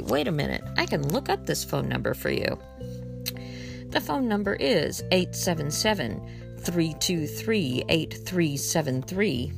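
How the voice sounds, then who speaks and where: A woman vlogger with a low, gravelly voice warns her viewers about scams in a casual monologue to camera. Her manner is blunt, exasperated and outspoken.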